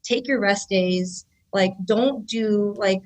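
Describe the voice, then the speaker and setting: A woman in her thirties, a jiu-jitsu instructor, telling stories in an animated way and filling her speech with "like.". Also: medium pitch, slow. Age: 30s. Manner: animated storyteller, many fillers like "like". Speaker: guest, jiu-jitsu black belt and instructor. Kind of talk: casual podcast conversation.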